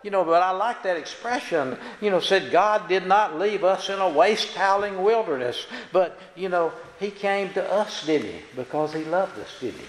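A high-pitched man preaches in a church sanctuary with lively intonation, a moderate pace and few pauses. His sermon is folksy and plain-spoken, peppered with tag questions to the congregation, captured with echoey hall reverb and a little hiss or hum.

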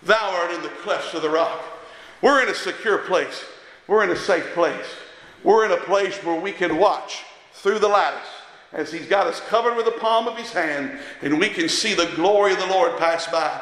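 A man preaching a sermon, impassioned and rising to shouts at times, recorded in an echoey church hall. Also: high voice, moderate pace. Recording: echoey hall with long reverb.

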